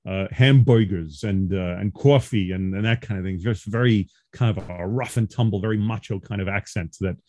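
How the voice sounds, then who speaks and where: A man's voice: on the low side, normal speed, few pauses, a little mellow. A man in his forties from Long Island, an adjunct professor talking as a guest over a video call, earnest and explanatory, laughing easily. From Long Island, New York. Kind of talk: casual interview talk.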